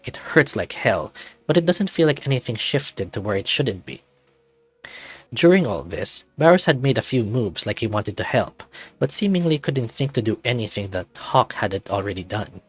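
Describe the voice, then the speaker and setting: A man narrating a story in the first person in a measured, expressive way. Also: medium pitch, breathy edge, dry recording.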